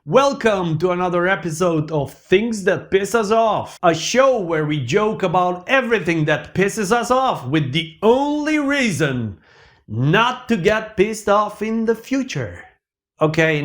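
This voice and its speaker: A man hosting a comedic monologue show, animated, with a Macedonian accent, swinging between loud outbursts and mock-sad mumbling. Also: sits high, a little slow.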